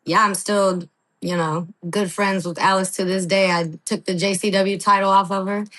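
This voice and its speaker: A woman wrestler talking casually on a podcast, telling animated stories, acting out quotes, laughing and swearing freely. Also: mid-range voice, normal speed, rough recording. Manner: lively storyteller, acts out quotes, laughs, swears. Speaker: wrestling guest.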